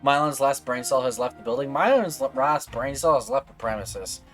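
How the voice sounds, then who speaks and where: A man's voice: mid-range voice, normal speed, fairly bright tone, soft background music. A man streaming a video game, chatting casually in a playful, rambling, self-mocking way while sleepy and yawning. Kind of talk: casual gameplay chat.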